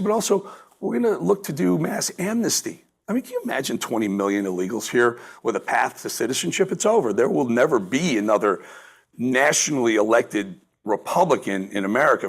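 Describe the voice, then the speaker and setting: A male political commentator with a gravelly, fry-edged voice at medium pitch. He talks in a fired-up rush, tripping over his words and restarting. He sounds like a guest on a talk show. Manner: fired up, stumbles and restarts often. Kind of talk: political commentary in a remote interview.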